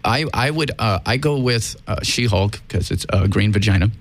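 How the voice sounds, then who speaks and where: Male podcast host, low, lively voice, crude, laughing banter. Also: normal speed. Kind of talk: casual crude comedy chat.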